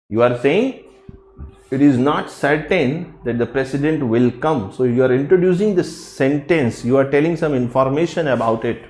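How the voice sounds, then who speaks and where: A male teacher, giving a live online grammar class and repeating each phrase slowly to drill it. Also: on the high side, roomy sound. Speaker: English teacher.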